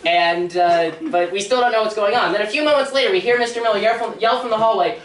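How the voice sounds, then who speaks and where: A woman's voice: mid-range voice, animated, fast, few pauses, slight background noise. A teenage girl doing a stand-up comedy routine on a local theatre stage, rambling and self-deprecating, laughing at her own jokes. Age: teens. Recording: echoey room from far off.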